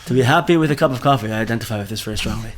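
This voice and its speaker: A man's voice: medium pitch, rapid-fire, a little hiss or hum. Man teaching a Torah class. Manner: animated, mixes Hebrew terms into speech, repeats words often.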